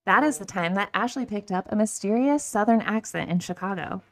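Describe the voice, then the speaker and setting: A woman with an Ohio accent co-hosting a podcast, telling stories in an animated casual chat. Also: medium pitch, fairly quick. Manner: animated storyteller. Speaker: podcast co-host.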